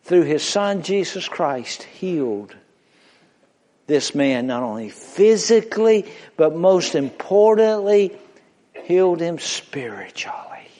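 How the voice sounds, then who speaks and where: A man preaching a sermon, slow and drawn out, dropping to hushed low phrases and rising to shouted climaxes. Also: expressive. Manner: slow, drawn-out delivery with dramatic pauses.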